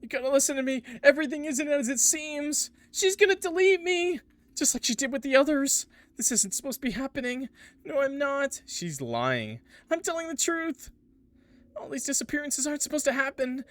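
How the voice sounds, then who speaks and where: A man's voice: extremely high pitch, very animated, normal speed, a bit bright, pitched above the performer's own voice, full character voice. A man voicing a panicked game character who desperately pleads with the player to leave. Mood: frantic pleading.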